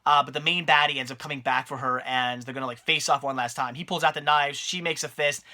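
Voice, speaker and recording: A man's voice: mid-range voice, fairly even intonation, fast, bright, forceful tone. A man giving a casual, rambling spoken movie review, full of fillers and restarts.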